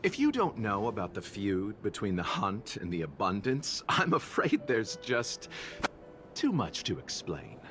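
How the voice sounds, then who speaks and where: A man's voice: fairly low pitch, wildly swooping pitch, a little slow, fairly bright tone, faint music behind, exaggerated voice. An actor playing a refined, courteous male merchant with an amused, polite way of speaking in a game cutscene. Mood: suave. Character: suave polite male merchant carrying a coffin. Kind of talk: video game cutscene dialogue.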